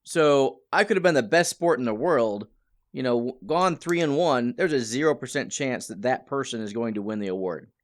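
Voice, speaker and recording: Podcast co-host, male, average pitch, hesitant but opinionated. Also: expressive, normal speed. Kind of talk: casual podcast chat.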